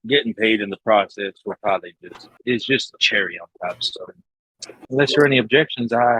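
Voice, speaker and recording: A man's voice: medium pitch, fairly bright tone, poor audio. A man playing a tabletop game, chatting casually and joking with the table. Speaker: player.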